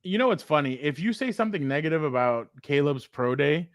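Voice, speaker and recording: A man's voice: fairly high pitch, lively intonation, brisk, no room sound, studio quality. A man co-hosting a sports podcast, casual and playfully teasing his partner.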